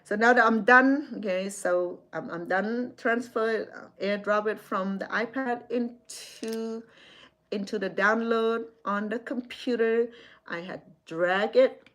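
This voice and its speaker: A woman's voice: fairly high pitch, slow, a bit bright. A woman hosting a casual livestream from home, chatting through a computer walkthrough with many restarts. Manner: chatty, with frequent restarts and fillers. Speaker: livestream host.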